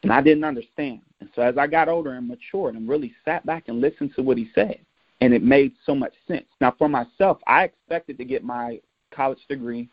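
A man's voice: medium pitch, brisk, no room sound. Man telling stories in a dull lo-fi recording. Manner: animated, acts out quoted voices. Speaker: motivational speaker, former college football player. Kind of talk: storytelling talk.

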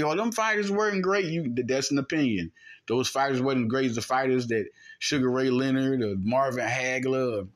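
A man's voice: mid-range voice, fairly bright tone. A man hosting a podcast, talking in a heated, argumentative sports monologue and mimicking punches with sound effects. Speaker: podcast host. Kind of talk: animated sports commentary monologue.

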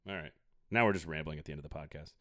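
A man hosting a casual sports podcast, getting animated and worked up, tossing in jokey plugs. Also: a bass voice, racing, no echo, studio quality. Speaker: podcast host.

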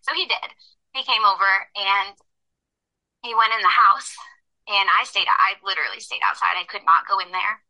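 A young woman telling a personal story as a podcast guest, talking quickly with lots of "like" and swearing. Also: mid-range voice, pushed and bright. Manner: rapid, heavy use of "like", frequent swearing. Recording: tinny phone-line sound.

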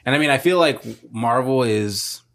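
A man co-hosting a podcast, giving easygoing, measured opinions in casual chat. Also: medium pitch, animated, a bit bright. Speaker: podcast co-host.

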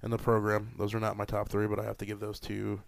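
Gravelly-voiced enthusiastic man. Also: on the low side, completely flat delivery, fast talker, no room sound. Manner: enthusiastic, gets worked up. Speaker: co-host. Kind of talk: casual chat.

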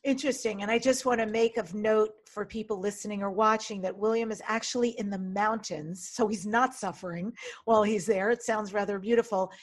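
A woman hosting an interview show, upbeat and quick to laugh. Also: medium pitch, steady tone. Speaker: podcast host.

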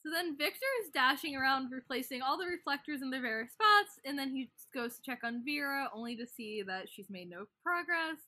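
A woman podcast host briskly recapping a TV episode plot in casual chat, laughing often. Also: sits high, animated, sharp tone, dry recording.

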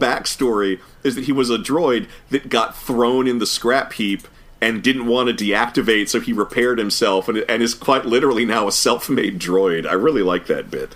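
A man co-hosting a podcast, chatting casually about an animated episode in a thoughtful way with frequent fillers and restarts. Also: medium pitch, normal speed. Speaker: podcast co-host. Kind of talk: casual review chat.

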